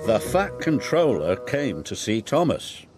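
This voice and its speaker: A man narrates a children's cartoon like a storybook, taking his time. His pitch moves a great deal, up and down, as he tells it. Music plays underneath throughout. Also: sing-song, a little slow.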